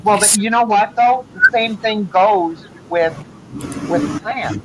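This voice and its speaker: A man in casual chat as a guest, calmly offering advice. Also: high voice, takes it slowly, background noise.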